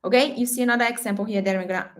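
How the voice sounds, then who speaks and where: A woman whose first language is Brazilian Portuguese, teaching a live-streamed language lesson, repeating example words slowly and checking in with her viewers often. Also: fairly high pitch, steady tone.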